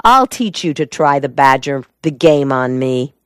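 A woman voicing a gruff, sardonic male private detective with a slow, husky drawl, in a storybook reading. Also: very deep voice, lively intonation, no echo, clean studio sound.

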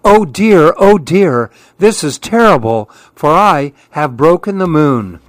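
A man voicing a small, frightened young male monkey with high, panicky cries in a storybook. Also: animated, slow, no echo. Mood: frantic.

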